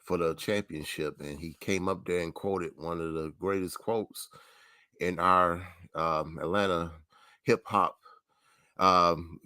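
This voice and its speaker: A man's voice: low-pitched, steady tone, slow pace, bright, forceful tone, clear, resonant tone, no echo. A man co-hosting a sports podcast, telling stories with enthusiasm. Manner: enthusiastic storyteller. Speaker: podcast co-host. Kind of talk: casual sports talk.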